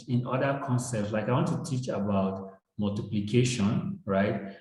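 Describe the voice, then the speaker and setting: A Nigerian-accented man walks through classroom examples at a steady, mid-range pitch, tagging his points with "right?". His voice rings out in a very echoey room. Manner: explains with examples, frequent tag "right?". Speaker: education guest. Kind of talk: explanatory discussion.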